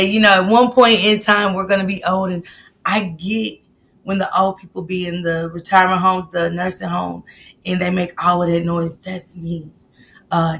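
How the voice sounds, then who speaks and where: A woman's voice: lowish voice, creaky, fairly bright tone. A woman in her late forties hosting a live stream, chatting casually and greeting viewers by name. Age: 40s. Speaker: livestream host.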